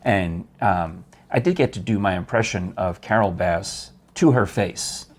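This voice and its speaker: A man's voice: deep voice, unhurried. A man hosting a casual talk show, telling stories in a chatty, enthusiastic way with many restarts. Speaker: host. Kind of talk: casual chat.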